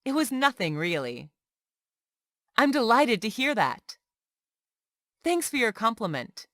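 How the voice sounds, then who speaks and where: A woman reading short everyday English phrases aloud one by one, clearly and carefully, as a language lesson. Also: fairly high pitch, sing-song, slow pace, a bit bright, no echo, clean studio sound. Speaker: English teacher.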